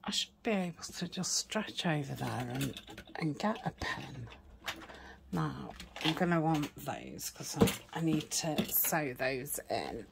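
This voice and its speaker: A woman chatting casually while crafting, rambling with many fillers and dropping into soft whispered asides. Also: low voice, very animated, takes it slowly, gravelly, background noise. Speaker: crafting vlogger.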